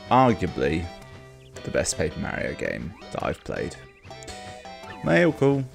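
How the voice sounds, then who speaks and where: A man's voice: rumbling low, huge pitch swings, moderate pace, vocal fry, faint music behind. A man hosting a let's play, commenting casually with rambling, wry asides.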